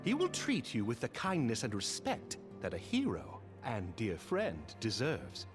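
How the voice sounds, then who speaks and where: A man's voice: mid-range voice, wildly swooping pitch, unhurried, over music. An actor playing a courtly, formal nobleman in a video game, with gracious, old-fashioned phrasing. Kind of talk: game voice acting.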